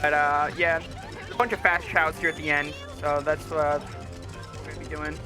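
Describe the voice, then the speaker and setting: A man's voice: on the high side, little pitch movement, normal speed. A man explaining his speedrun route in a casual, laid-back way with lots of filler words. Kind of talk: casual live game commentary. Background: game music.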